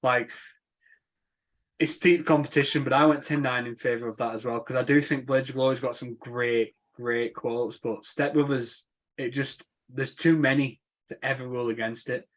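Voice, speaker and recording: A man's voice: mid-range voice, fairly even intonation, normal speed. A young man co-hosting a podcast, chatting casually and enthusiastically about a film. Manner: enthusiastic, laughing, swearing, quotes film lines. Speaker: podcast co-host.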